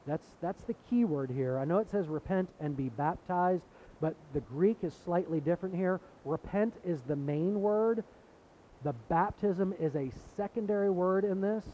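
Earnest male preacher, dull lo-fi sound. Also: moderate pace. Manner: earnest, building to impassioned emphasis with repeated phrases. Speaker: pastor. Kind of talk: sermon. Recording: dull lo-fi sound with faint rumble.

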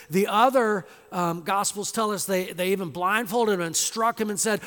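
Preaching an expository sermon in a large hall with long reverb, a male pastor is dramatic and emphatic. He fires off rhetorical questions and acts out quoted voices. His fairly bright voice sits high and stays steady, moving at a normal speed with few pauses.

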